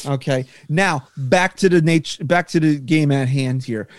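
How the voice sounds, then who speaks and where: Male podcast co-host, heated profane sports rant, higher pitch, dry mic. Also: measured pace, no room sound. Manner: profane, ranting, sarcastic. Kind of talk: heated casual sports talk.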